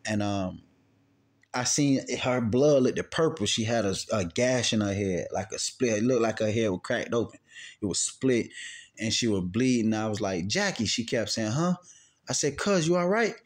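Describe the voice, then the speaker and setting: Man, casual storytelling, swearing, rambling, loud then quiet. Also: moderate pace. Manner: profane, rambling, swings from loud outbursts to low quiet recounting. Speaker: channel host answering questions.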